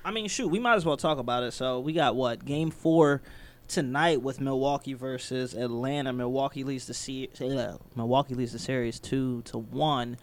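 Sports podcast co-host, man from Philadelphia: animated, playful, gets hyped about big plays. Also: moderate pace. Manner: excitable, jumps up in pitch when hyped. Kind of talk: casual sports chat.

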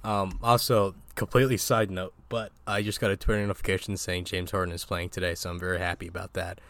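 A man co-hosting a casual sports chat, animated and laughing often as he reads quotes aloud. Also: sits low, fast. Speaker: co-host.

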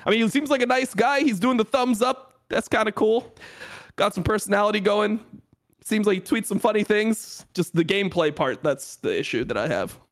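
High-voiced man talking esports. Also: expressive, normal speed. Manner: casual, profane game analysis with restarts. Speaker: esports co-host. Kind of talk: casual podcast chat.

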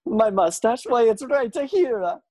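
A woman's voice: a little high, expressive, slow, warm tone, no echo, pitched above the performer's own voice. A woman voicing a nervous impostor man faking being Italian, stammering through his excuses in an improv sketch. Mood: flustered. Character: fake Italian man pretending to be Italian, flustered.

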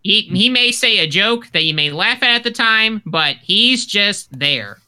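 A man in casual chat with friends, opinionated and animated, often repeating words as he starts a sentence. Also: high-pitched, a little slow, clear, resonant tone.

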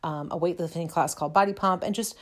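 A woman's voice: fairly low pitch, fairly even intonation, fast. A woman who teaches fitness, telling a personal story in a chatty, self-deprecating way with many fillers. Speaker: fitness instructor. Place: lives in a cold, snowy city.

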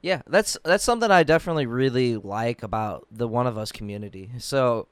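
A man's voice: medium pitch, lively intonation, brisk, smooth, no echo. A man hosting a casual chat, talking loosely with many fillers and laughing often.

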